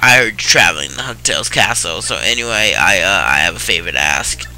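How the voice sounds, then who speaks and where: A man's voice: deep voice, lively intonation, fairly quick, noisy background, pitched below the performer's own voice. A man voicing a shy, nervous young male turtle from a video game, stammering and apologizing over game music. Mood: timid.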